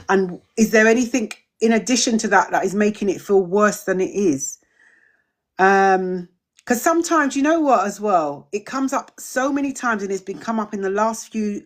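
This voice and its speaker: A middle-aged woman hosting a live-streamed community drop-in, chatting casually, welcoming viewers and answering their questions with repeated phrases. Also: mid-range voice.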